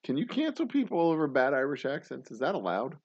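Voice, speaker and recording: A man's voice: on the high side, wildly swooping pitch, fairly quick, a little mellow, no echo, lo-fi sound. Rambling, profane male stream host. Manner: rambling, joking, profane, laughs often. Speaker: livestream show host. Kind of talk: casual livestream chat.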